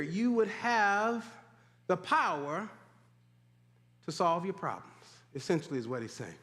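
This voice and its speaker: A man preaching a sermon in animated call-and-response style, urging the congregation to repeat after him. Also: on the high side, moderate pace. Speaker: pastor. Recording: echoey hall.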